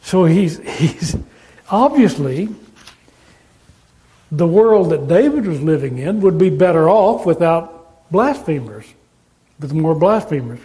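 Guy preaching, kinda high voice, takes it slow, earnest and emphatic. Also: very animated, warm tone. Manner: earnest, emphatic with rhetorical questions. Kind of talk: sermon.

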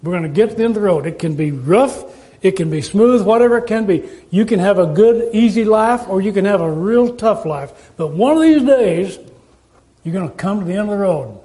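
Preaching briskly, a male pastor with a high, warm voice keeps his sermon relaxed and conversational, leaning on rhetorical questions and homespun stories. The recording quality is poor.

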